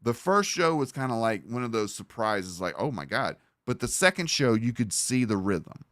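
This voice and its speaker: A man's voice: mid-range voice, lively intonation, moderate pace, fairly bright tone, no room sound, clean studio sound. A man hosting a livestream, rambling in profane, casual commentary and talking over a video he is reacting to. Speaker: livestream host.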